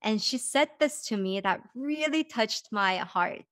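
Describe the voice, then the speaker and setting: A woman's voice: on the high side, animated, a little slow, fairly bright tone, no room sound, studio quality. A young woman hosting a podcast, talking casually and reflectively, with frequent "like" and light laughs. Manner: chatty, says "like" often, laughs lightly. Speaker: podcast host.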